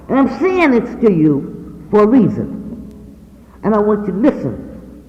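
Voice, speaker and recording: Animated Washington D.C. woman storyteller. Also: medium pitch, a little slow, long pauses, a little hiss or hum. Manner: lively, acts out the voices of the people in her story. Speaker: recovery meeting speaker. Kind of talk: personal storytelling share. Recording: long hall reverb.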